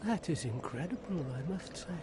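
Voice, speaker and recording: An actor voicing a gloomy, defeated warrior in a video game, weary and sardonic. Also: male voice, on the high side, expressive, moderate pace, close to an everyday voice. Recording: game audio with background noise.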